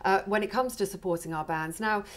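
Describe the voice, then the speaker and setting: A woman's voice: mid-range voice, a little fast. A woman hosting a casual chat in a TV studio, playful and teasing with her guest. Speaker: TV host.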